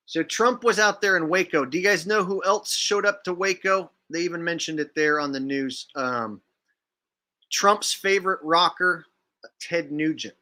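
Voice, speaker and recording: A man's voice: on the high side, lively intonation, unhurried, pauses often, sharp tone. A young man hosting a casual commentary vlog, talking sarcastically and rambling, filling his sentences with "like". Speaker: vlogger and channel host.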